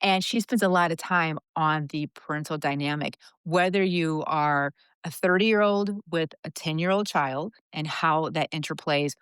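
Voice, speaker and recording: Low-voiced earnest woman in her fifties. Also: moderate pace, clean tone, dry recording. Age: 50s. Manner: earnest, confessional, animated retelling. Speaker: podcast guest. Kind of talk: candid personal storytelling.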